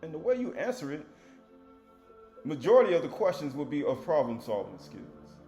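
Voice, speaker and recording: A man's voice: a little high, big pitch swings, moderate pace, dark tone, reverberant, faint music behind. A man preaching a Sabbath sermon in a loose, conversational way, rising to emphatic readings of scripture.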